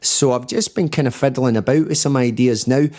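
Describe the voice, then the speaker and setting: A man's voice: medium pitch, a little fast, mellow. A Scottish man hosting a reaction video, chatting in a rambling, casual way. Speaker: reaction channel host. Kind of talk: casual chat.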